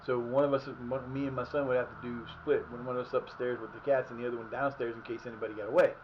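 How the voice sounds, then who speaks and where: A man with a hoarse, fading voice who streams from his house. He rambles between chatter about the game and his day, swearing freely at his players. The audio is slightly muffled, with a faint hiss behind it. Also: mid-range voice, level tone, fast. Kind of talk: live gameplay commentary.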